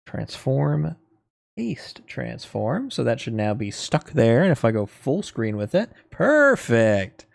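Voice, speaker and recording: Animated young man hosting a stream. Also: medium pitch, takes it slowly, vocal fry, no echo, studio quality. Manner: easygoing, talks while fiddling with stream settings. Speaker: streamer host. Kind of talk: casual livestream chat.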